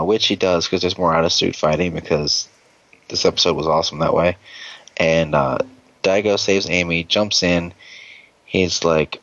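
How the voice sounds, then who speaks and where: Low-voiced man rambling through a profane recap. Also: fairly bright tone, no room sound, muffled recording. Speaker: podcast host. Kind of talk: casual episode recap.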